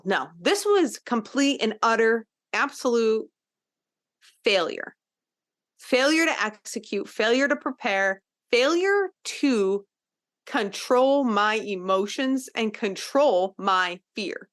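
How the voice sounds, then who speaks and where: A woman's voice: fairly high pitch, animated, slow, a bit bright. A woman hosting a podcast, telling a personal story in a casual, emphatic way, with frequent fillers and the odd swear word. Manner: earnest, driving home lessons to the listener. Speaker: podcast host.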